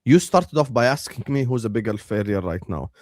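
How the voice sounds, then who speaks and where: A young man hosting a stream, arguing about football in a heated, animated way, swearing and dropping Arabic phrases. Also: on the low side, brisk, no echo, studio quality. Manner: argumentative, animated, swears, says "wallah" and "inshallah". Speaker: host.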